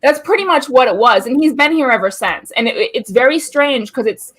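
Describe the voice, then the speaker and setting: Bright-voiced woman co-host, candid and profane storyteller, casual live chat. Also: high voice, expressive, brisk, slightly rough. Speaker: co-host of a witchcraft talk show. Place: home room.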